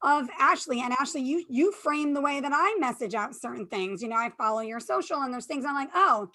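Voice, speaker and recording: A woman's voice: high voice, fairly quick, bright, forceful tone. A woman moderating a panel discussion, upbeat and affirming as she asks questions.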